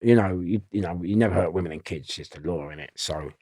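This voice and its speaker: A man with a London accent, a podcast guest telling stories in an animated way and acting out the voices of the people in them. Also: low-pitched, fast, slightly rough, no room sound, studio quality. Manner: animated storyteller who acts out voices and laughs often. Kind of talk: storytelling in a podcast interview.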